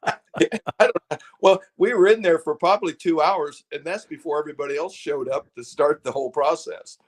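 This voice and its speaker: An older man, a former fighter pilot, tells casual stories as a guest in a fairly high voice at normal speed. He rambles, restarts often, and laughs frequently.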